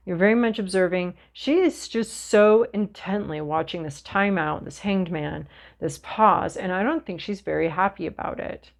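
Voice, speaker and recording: A woman's voice: on the low side, moderate pace. A woman giving a casual, chatty tarot reading, talking straight to the listener and now and then acting out little voices. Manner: chatty, animated, acts out little voices and asides. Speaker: tarot reader.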